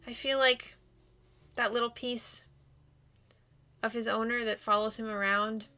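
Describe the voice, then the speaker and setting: A woman giving casual commentary on a game in a candid, emotional way, pausing and hesitating as she talks. Her voice is bright and a little high, and her pace is slow. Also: fairly even intonation. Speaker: gaming video host.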